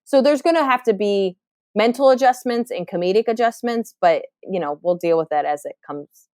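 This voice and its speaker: Woman, stand-up comedian, candid podcast chat, restarts a lot, crisp clear voice. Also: medium pitch, normal speed, darkish tone, no room sound, studio quality. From New Jersey. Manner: candid, reflective, with frequent fillers and restarts. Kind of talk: casual podcast interview.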